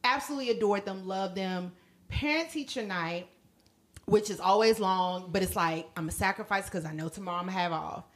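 A woman in her thirties co-hosting a casual chat, telling a story with lots of laughter and animated asides. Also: medium pitch, fairly quick. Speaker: podcast co-host.

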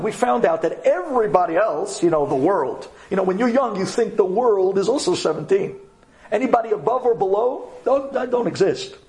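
A middle-aged man from New York telling a personal story to an audience of women in a dramatic, expressive way, acting out the dialogue. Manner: dramatic and expressive, jumps up in pitch for emphasis, acts out dialogue. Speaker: speaker addressing an audience of women.

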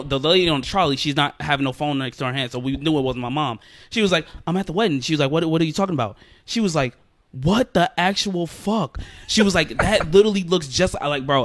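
A young man co-hosting a casual podcast chat among friends, an animated storyteller who acts out quoted lines in a higher voice. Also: no room sound, clean studio sound. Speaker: podcast co-host.

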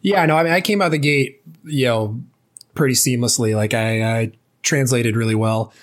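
A man's voice: mid-range voice, moderate pace. Late-20s male guest, casual storyteller, full of fillers and restarts. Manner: loose, chatty, many fillers and restarts. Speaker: former ballplayer guest.

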